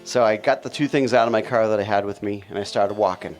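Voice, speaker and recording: A man's voice: on the low side, fast, soft background music. Man telling a wry road story. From Boston area. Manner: relaxed, wry anecdotal storyteller. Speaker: musician guest. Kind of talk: casual storytelling.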